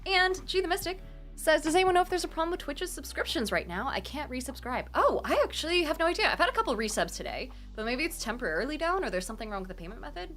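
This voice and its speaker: A young woman hosting a charity live stream, reading out donations and chatting with bubbly, gushing excitement from her home computer. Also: high-pitched, quick pace, faint music behind. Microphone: desktop streaming mic.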